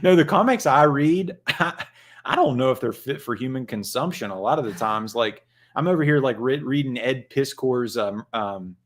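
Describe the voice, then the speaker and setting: A man's voice: medium pitch, expressive, normal speed. A man hosting a casual livestream chat, rambling and joking with plenty of profanity. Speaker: channel host.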